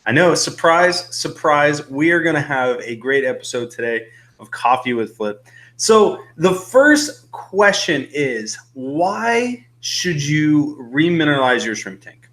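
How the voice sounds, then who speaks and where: A man's voice: on the high side, very animated, slow, a bit bright. A young man hosting a casual live-stream chat, rambling and laughing nervously, a little out of breath. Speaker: host.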